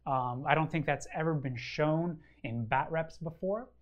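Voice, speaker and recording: A man's voice: a little high, a little slow, lo-fi sound. A man co-hosting a casual wargaming chat show, answering a listener's question in a rambling, enthusiastic way full of ums and uhs. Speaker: regular co-host of a wargaming show.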